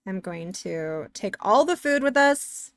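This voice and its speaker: A woman's voice: mid-range voice, lively intonation, takes it slowly, a bit bright, dry recording, studio quality. A woman streamer chatting casually while playing a game, rambling and sarcastic as she answers chat.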